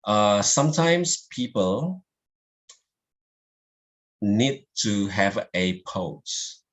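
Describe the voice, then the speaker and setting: Guy teaching public speaking online, low voice, talks real slow, non-native english. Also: very animated. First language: Indonesian. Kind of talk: online class presentation.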